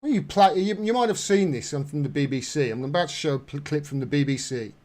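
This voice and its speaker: A man's voice: a little high, quick pace, a little mellow. A man giving casual political commentary on a vlog in an indignant, sarcastic way. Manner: indignant, sarcastic, rising to outbursts. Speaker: commentary vlogger.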